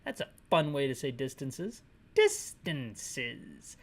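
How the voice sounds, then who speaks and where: A woman's voice: fairly low pitch, expressive, normal speed. A woman narrating a descriptive audio game playthrough with sarcastic, ranting asides. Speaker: game commentator.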